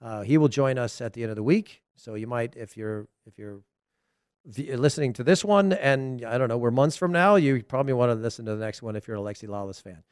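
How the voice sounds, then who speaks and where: A man's voice: medium pitch, expressive, fairly quick, darkish tone, clean tone, dry recording. Rambling, dry-voiced middle-aged male podcaster. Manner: rambling storytelling with restarts. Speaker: podcast host. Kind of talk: casual solo podcast talk.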